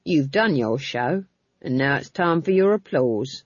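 A woman putting on a low, slow, gruff guard captain. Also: expressive, no echo, dull audio, full character voice.

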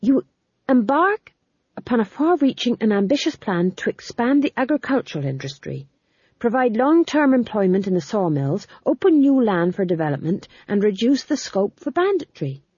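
A woman voicing an anxious, quick-witted male court jester who talks eagerly to please, in a dull lo-fi recording. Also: on the high side, very animated, a little mellow, breathy edge, dry recording, pitched above the performer's own voice. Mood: placating. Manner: nervous, eager to please, talks fast when cornered.

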